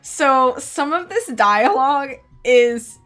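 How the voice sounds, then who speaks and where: A woman's voice: sits high, animated, slow, a bit bright, soft background music. A woman live-streaming a book reading, narrating plainly and breaking off for chatty, giggly asides.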